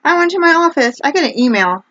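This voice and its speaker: A woman's voice: high-pitched, lively intonation, fast, fairly bright tone. A woman vlogger talking casually to camera in a meandering, chatty way, with lots of "like" and restarts. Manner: chatty, meandering, heavy use of "like". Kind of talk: casual rambling monologue. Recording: dull lo-fi with faint noise.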